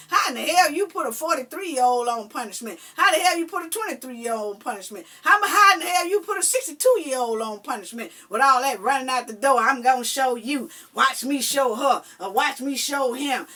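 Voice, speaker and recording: A woman's voice: high voice, pushed and bright. A woman giving relationship advice in a casual monologue to viewers. She is blunt and profane, repeats her points with lots of fillers, and speaks in a colloquial way. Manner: blunt, profane and emphatic, talking straight to viewers.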